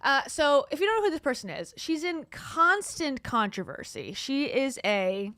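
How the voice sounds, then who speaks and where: Sarcastic woman with a lively, dry voice. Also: sits high, moderate pace, dry recording. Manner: sarcastic, scoffing. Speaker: commentary host. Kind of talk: gossip commentary.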